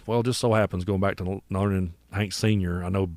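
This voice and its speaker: A man with an Appalachian accent, a musician guest telling animated stories and acting out the people in them. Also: deep voice, brisk, no room sound. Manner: animated storyteller, acts out voices. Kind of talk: casual storytelling interview.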